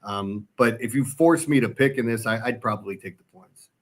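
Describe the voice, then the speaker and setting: A man co-hosting a betting show, quickly reasoning through a pick. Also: medium pitch. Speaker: co-host. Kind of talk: casual sports betting chat.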